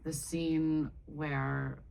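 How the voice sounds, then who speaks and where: A woman's voice: low voice, little pitch movement, drawn-out words, gravelly, darkish tone, poor audio. A woman speaking as a guest on a live Q&A panel, talking casually in rambling, self-interrupting bursts with frequent laughs. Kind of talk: casual Q&A talk. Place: live Q&A panel before an audience.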